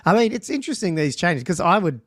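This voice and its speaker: A man's voice: sits high, big pitch swings, quick pace, a bit bright, dry recording, clean studio sound. A man hosting a livestream podcast, reading out rules and thinking aloud in a loose, casual way with ums and restarts. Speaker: podcast host.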